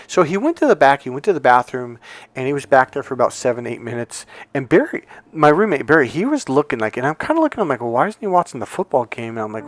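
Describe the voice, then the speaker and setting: Animated man telling a story. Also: mid-range voice, brisk. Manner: animated, acts out the people in the story. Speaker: dating coach. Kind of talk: storytelling to camera.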